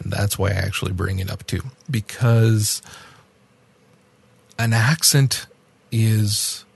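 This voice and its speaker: A man's voice: mid-range voice, creaky, a little mellow, breathy edge. A man co-hosting a podcast, talking casually and ranting with animation, laughing and restarting his sentences. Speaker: podcast co-host. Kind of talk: casual podcast chat about a documentary.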